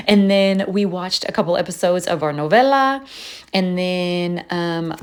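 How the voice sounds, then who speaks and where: A woman's voice: lowish voice, measured pace, clean tone. A woman chatting casually in a voice-over, telling stories and laughing often. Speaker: planner vlogger.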